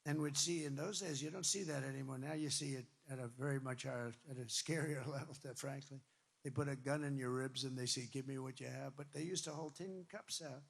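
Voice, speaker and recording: A man giving a campaign rally speech to supporters, emphatic and repetitive, wandering into asides and breaking into shouts. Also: mid-range voice, brisk, gravelly, breathy edge. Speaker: political candidate addressing supporters. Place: large rally venue with crowd. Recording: long reverb from a rally venue.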